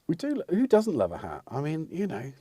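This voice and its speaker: A man's voice: fairly high pitch, wildly swooping pitch, normal speed, warm tone, breathy edge. A middle-aged English man hosting a casual livestream, rambling and self-mocking as he answers the chat. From England. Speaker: livestream host.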